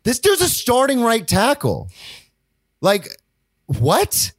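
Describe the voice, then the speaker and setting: A man's voice: extremely high pitch, huge pitch swings, takes it slowly, husky, no room sound, studio quality. Rambling, jokey young man in casual sports talk. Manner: rambling, jokey, swears freely. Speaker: podcast co-host.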